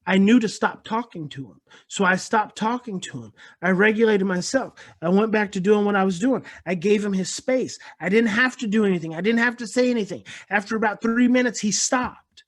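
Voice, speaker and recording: Man giving a parenting talk, earnest and calm, says things twice. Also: high voice, brisk, hardly any pauses. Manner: earnest, repetitive, explains calmly. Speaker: speaker on parenting and attachment. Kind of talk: lecture with personal story.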